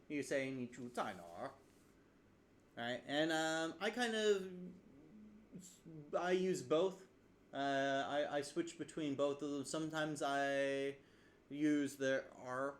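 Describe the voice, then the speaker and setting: A man teaching from his own language study in a casual video lesson, thinking aloud with fillers and restarts. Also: medium pitch. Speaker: language learner explaining lessons.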